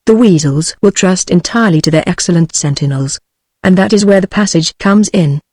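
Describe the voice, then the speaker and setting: A British text-to-speech woman's voice reading the lines of a gruff, dry old male badger in a storybook. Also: fairly low pitch, a little fast, dry recording, close to an everyday voice. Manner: flat synthetic delivery.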